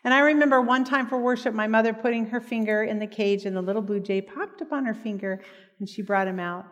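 A woman's voice: on the high side, steady tone, fast, big-room sound. A woman giving a heartfelt preaching talk and telling personal stories. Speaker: speaker at a church meeting.

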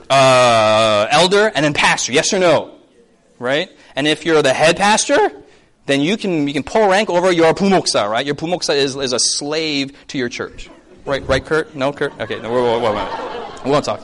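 A man in his thirties preaching a sermon as a pastor, keeps asking the audience yes or no, and acts out quick voices. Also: a little high, lively intonation, fairly bright tone. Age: 30s. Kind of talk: lively sermon to a congregation.

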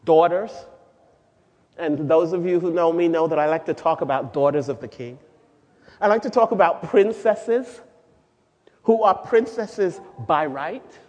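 A woman giving a sermon-style teaching to a group of women, lively and asking the audience questions. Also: lowish voice. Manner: animated, asks the audience questions, sings out quoted lines. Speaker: speaker at a women's gathering. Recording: dull lo-fi recording with long hall reverb.

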